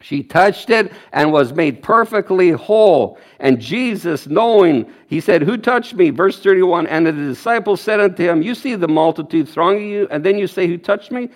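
A man's voice: high voice, lively intonation, moderate pace, hardly any pauses. A man preaching a sermon, quoting scripture with energy and emphasis.

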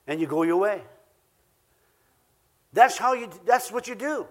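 A man with an Ojibwe accent, pitched notably high for a man, delivers a sermon. He is earnest, drives points home by repeating phrases, and slips in small chuckles as he goes. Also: animated, a little slow, pauses often. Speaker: preacher.

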